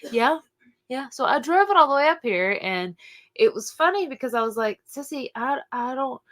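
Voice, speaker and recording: A bright-voiced woman with an Appalachian accent, co-hosting a casual chat show. She tells stories in a rambling, animated way, with plenty of fillers and voices for other people. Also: high-pitched, moderate pace. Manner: rambling, animated, full of fillers and acted quotes. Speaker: podcast co-host.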